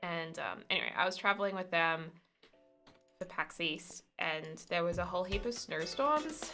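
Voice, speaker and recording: A young woman live-streaming a game, chatting casually and thanking viewers with excited outbursts. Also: lowish voice, moderate pace, soft background music.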